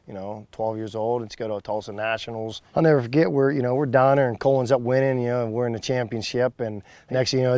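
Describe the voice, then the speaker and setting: A middle-aged man, a father and youth wrestling coach, telling a story in an animated, loud and passionate way in a reality-series interview. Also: medium pitch, dry recording.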